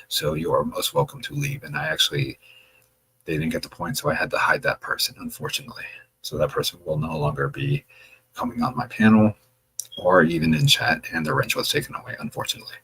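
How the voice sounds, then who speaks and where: A man hosting a livestream, reading viewer comments aloud with a chatty, wry manner and a gravelly voice. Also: medium pitch, fairly bright tone, rough recording. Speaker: livestream host reading chat. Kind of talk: casual livestream chat.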